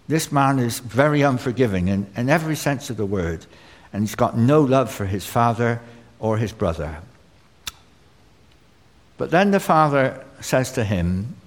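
A man preaching a sermon in an earnest way, often pausing with fillers and restarting phrases. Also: mid-range voice. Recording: long hall reverb.

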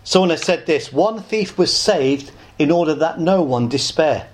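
A man preaches an evangelistic sermon in an earnest, pleading way. His voice sits a little high and climbs on the words he stresses, then sinks soft at the ends of phrases. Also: animated, normal speed, hardly any pauses. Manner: earnest, pleading, rising on emphasis and dropping soft.

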